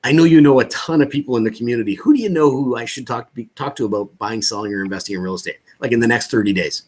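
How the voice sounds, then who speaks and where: A man's voice: medium pitch, very fast. A man coaching real estate agents on a video call, casual and joking. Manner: casual, joking, animated when acting out calls.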